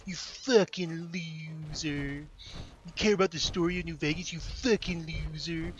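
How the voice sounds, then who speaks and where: A man's voice: fairly high pitch, steady tone, measured pace, lightly acted. A man putting on a contemptuous, taunting voice as a smug male villain from a game, sneering at the player. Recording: noisy gameplay recording.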